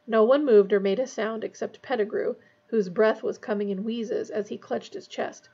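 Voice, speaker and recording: A woman's voice: fairly high pitch, fairly even intonation, normal speed, mellow, muffled recording. A woman reading a novel aloud, giving a casual recap before she reads on. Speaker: reader.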